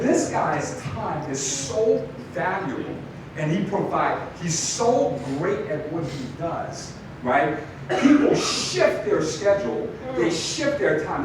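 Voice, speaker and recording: A man telling a story to an audience, animated, acting out the people in it with laughs. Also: high voice. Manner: animated, acts out quoted voices with laughs. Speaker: speaker telling a business lesson story. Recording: distant mic in a very echoey room with noise.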